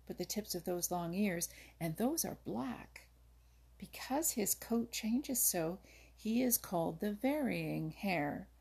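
An earnest, curious young rabbit lists what he knows, keen to please, voiced by a woman reading a storybook. His voice sits higher than the reader's own but stays husky and a little gravelly. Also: mellow, full character voice.

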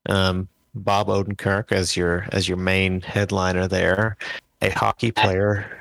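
A man co-hosting a comedy podcast, reviewing a friend's pitch in casual chat while thinking aloud. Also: flat delivery, slow, vocal fry, a bit bright, no echo. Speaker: podcast co-host.

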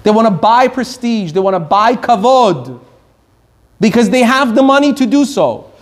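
High-pitched middle-aged guy from iran giving a torah class, drives his point home again and again. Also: expressive, normal speed. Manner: emphatic, repeats key points, slips into anecdotes. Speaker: Torah teacher. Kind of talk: Torah lecture.

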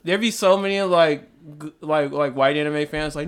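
A man in casual chat, telling rambling animated stories with lots of profanity. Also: on the high side, normal speed, few pauses, clear, resonant tone.

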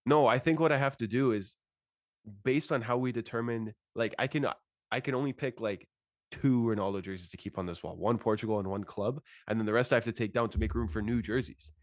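A man's voice: medium pitch, fairly quick, dry recording, studio quality. A man hosting a casual podcast, laid-back and chatty, congested and fighting phlegm. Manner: laid-back, says "bro" a lot. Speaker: podcast host.

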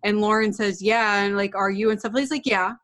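A woman's voice: medium pitch, a little fast, fairly bright tone. A woman chatting casually as co-host, recapping a reality show in an exasperated, incredulous way.

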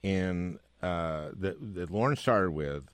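A man's voice: deep voice, takes it slowly, clear, resonant tone, no echo. An older man hosting a podcast, chatting and prompting his guest in a casual interview. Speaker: podcast host.

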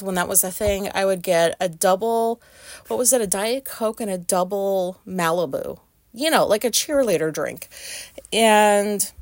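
A woman's voice: medium pitch, no room sound. A woman hosting a podcast, telling a casual story in a rambling way, with lots of fillers and free swearing. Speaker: podcast host.

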